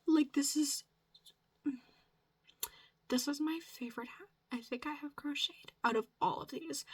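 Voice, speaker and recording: A young woman from the Midwest chatting casually in a crochet vlog, gushing, swearing freely, and sometimes dropping into a whisper, her voice cracking. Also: high-pitched. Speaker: crochet vlogger. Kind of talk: casual chat.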